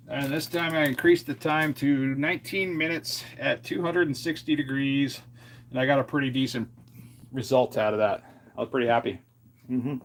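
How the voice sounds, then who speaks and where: A man chatting casually on a live stream while fixing a snack in his home kitchen, thinking out loud as he works. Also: medium pitch.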